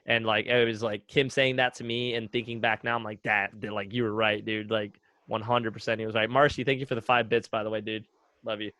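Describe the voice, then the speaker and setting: A man's voice: fairly low pitch, brisk, no room sound. A young man talking casually on a podcast, telling stories with lots of fillers and acted-out quotes. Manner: relaxed storytelling with many fillers, acts out quotes. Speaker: guest, retired runner.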